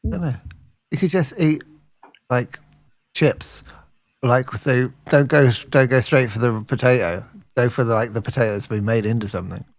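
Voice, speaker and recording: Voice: mid-range voice, normal speed, dry recording. A co-host in a casual chat over a video call, blunt and swearing casually.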